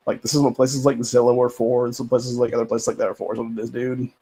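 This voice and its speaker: A man's voice: medium pitch, level tone, quick pace, dark tone, husky, rough recording. A man hosting a livestream, talking in a rambling, profane, casual rant with lots of repeated filler phrases. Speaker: livestream host.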